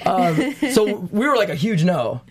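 A man, a dancer guest, telling animated stories in a casual interview, laughing often and acting out other people's lines. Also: high-pitched, a little slow, crowd noise.

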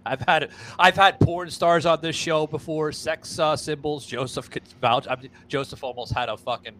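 A man with a voice on the high side, fairly even in intonation and bright in tone, hosts a casual podcast at a moderate pace. He rambles, repeats himself, stammers through a sponsor read, and swears freely, with slight background noise audible.

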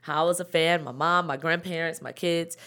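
Excitable woman telling a story. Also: low voice. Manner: animated, excitable, rapid bursts when recounting events. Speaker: comedy show producer, guest. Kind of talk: storytelling in an interview. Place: radio studio.

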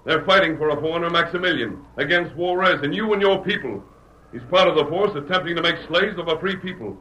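An actor playing a calm, firm frontier hero who gives steady orders. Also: male voice, a little high, fast talker. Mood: resolute. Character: masked frontier hero, man, calm leader. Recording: echoey old radio broadcast, faint hiss.

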